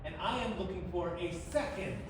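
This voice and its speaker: A man in a live improv scene who questions the others in the role of a police officer. His voice is high and lively, picked up from a distance in an echoey room with loud noise behind him. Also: fairly quick. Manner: questioning, in character as a cop. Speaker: improv performer.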